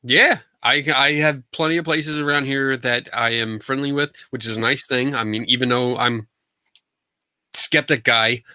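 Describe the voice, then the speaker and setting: Bright-voiced man hosting a podcast. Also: medium pitch, clear, resonant tone, dry recording. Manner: relaxed, joking, quick asides. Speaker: podcast host. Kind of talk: casual chat.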